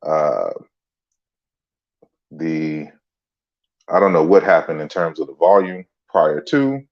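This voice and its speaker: A man hosting a relaxed livestream lecture, greeting viewers by name as he talks. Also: rumbling low, slow, muffled recording. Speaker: livestream host and author. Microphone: computer mic on a stand.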